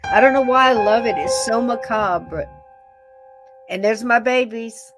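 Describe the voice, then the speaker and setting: A woman's voice: on the high side, unhurried, faint music behind. Chatty, affectionate woman podcast host. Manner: chatty and affectionate, rambling, laughs often. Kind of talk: casual chat, talking to her pets on camera.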